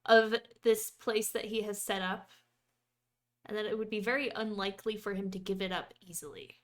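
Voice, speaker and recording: A woman running a tabletop game as dungeon master, narrating in a slow, deliberate way. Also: medium pitch, steady tone.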